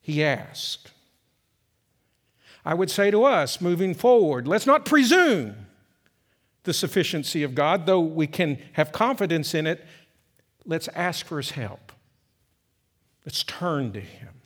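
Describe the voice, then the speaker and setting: A middle-aged man preaching a sermon, swinging from loud emphatic peaks to soft, slow passages. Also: fairly high pitch, sing-song. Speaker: pastor.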